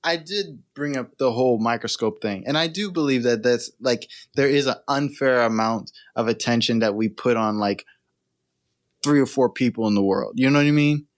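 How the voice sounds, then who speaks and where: A man's voice: medium pitch, normal speed. A young man co-hosting a casual podcast chat, blunt and emphatic, swearing freely. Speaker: podcast co-host.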